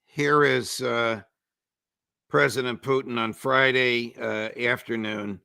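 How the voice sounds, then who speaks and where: A man hosting an interview, asking measured, pointed questions and introducing clips. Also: medium pitch, fairly even intonation, vocal fry, sharp tone, clear, resonant tone, dry recording, studio quality. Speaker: show host. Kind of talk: interviewing a guest.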